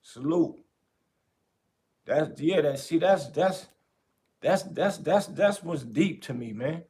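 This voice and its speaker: A podcast host talking in a casual, animated way, repeating his points for emphasis. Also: on the high side, takes it slowly. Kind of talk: casual commentary.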